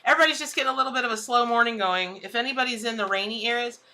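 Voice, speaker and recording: Chatty woman tarot reader, high and bright, exclamatory live-stream host. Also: rapid-fire, a little hiss or hum. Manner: chatty, exclamatory, laughs at her own jokes. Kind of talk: casual live-stream chat.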